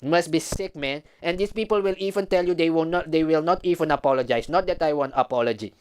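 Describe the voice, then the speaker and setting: A man's voice: fairly high pitch, quick pace, a little hiss or hum. A man from Suriname, giving a heated, emphatic commentary vlog.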